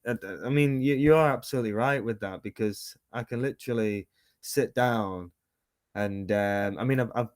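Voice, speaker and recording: A man's voice: medium pitch, moderate pace, a little mellow, dry recording, clean studio sound. A man in his thirties, a musician and painter, talking casually in an interview over a video call, rambling with many fillers and restarts. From United Kingdom. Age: 30s.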